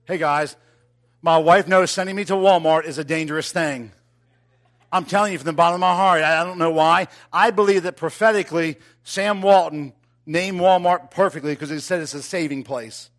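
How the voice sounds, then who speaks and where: A man preaching, telling a personal story with animated, rising delivery that drops to quiet, intimate moments. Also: on the high side, moderate pace. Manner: animated, builds to loud excited telling. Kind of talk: sermon storytelling.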